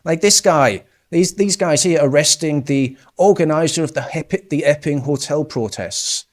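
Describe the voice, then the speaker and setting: A man's voice: on the high side, moderate pace. A man giving sarcastic, mocking political commentary over clips. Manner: sarcastic, mocking, with scornful laughs.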